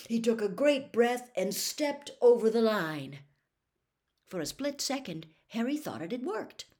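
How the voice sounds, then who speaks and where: A woman reading a storybook aloud in an expressive, dramatic way. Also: medium pitch. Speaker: narrator.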